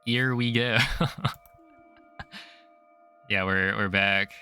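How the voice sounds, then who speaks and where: Brief: a male streamer, bright and clear tone, dry jokes with viewers between game moments. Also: on the low side, fairly even intonation, very slow. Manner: joking, bantering with chat. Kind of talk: casual chat while gaming.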